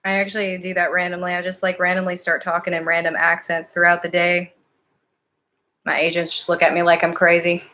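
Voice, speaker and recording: A woman's voice: fairly low pitch, monotone, a little fast, pushed and bright, a little hiss or hum. A woman giving casual live-stream psychic readings, chatty and giggly, often wandering off topic. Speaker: psychic card reader.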